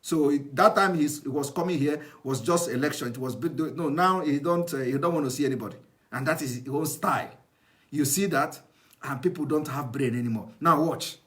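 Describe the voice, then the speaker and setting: A man's voice: fairly high pitch, a little fast, a bit bright. A man giving heated political commentary, scornful, repeating phrases and firing rhetorical questions at his viewers. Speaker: online show host commenting on a TV clip.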